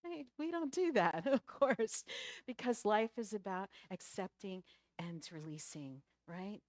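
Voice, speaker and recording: A woman's voice: mid-range voice, animated, unhurried, a little mellow, no echo, clean studio sound. A woman minister giving a conversational sermon, laughing often and acting out the characters of a story.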